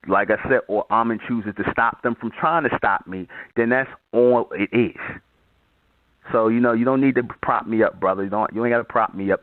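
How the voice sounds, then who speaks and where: A man's voice: lowish voice, dry recording. A man hosting a call-in show, blunt and profane, repeating his points as he lectures a caller. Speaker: channel host taking calls. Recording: tinny phone-like sound.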